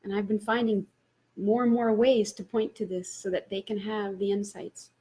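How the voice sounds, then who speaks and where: A woman's voice: mid-range voice, little pitch movement, moderate pace, mellow, slightly rough. A woman, a spiritual teacher, telling a personal story and laughing often as she retells it.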